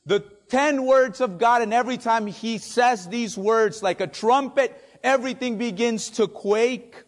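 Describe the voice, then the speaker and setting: A man's voice: very high voice, measured pace, few pauses. A male pastor whose first language is Spanish, preaching a sermon with dramatic drops to near-whispers for emphasis. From Spanish-speaking country.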